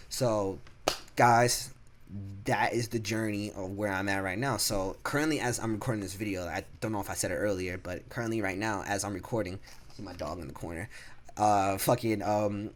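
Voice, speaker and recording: Young man vlogging a story at home; loose, cursing, restarts often, voice a bit low. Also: a little hiss or hum. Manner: casual, profane, stumbles and repeats words. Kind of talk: storytime vlog. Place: home room.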